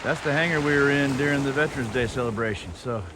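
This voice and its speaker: A man's voice: medium pitch, fast, noisy background. A man vlogging on a coastal hiking trail, rambling casually to his camera as he walks. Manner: rambling, chatty, talking to the camera. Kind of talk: casual chat while hiking.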